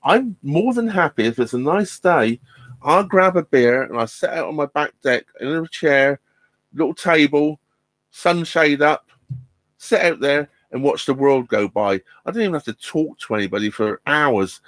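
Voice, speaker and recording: This man's voice sits on the high side and is a bit bright, animated and moderately paced. He hosts a casual live stream from his narrowboat, chatting rambly with viewers, often laughing amid ums and restarts. There is no echo.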